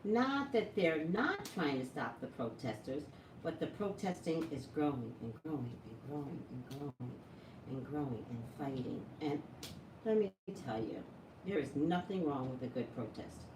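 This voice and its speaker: A woman's voice: low voice, expressive, normal speed, recorded from a distance. A woman talking casually to her viewers as a psychic vlogger, chatty and full of questions to the audience. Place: home room with an open door. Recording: echoey room, voice from off-mic, noisy background.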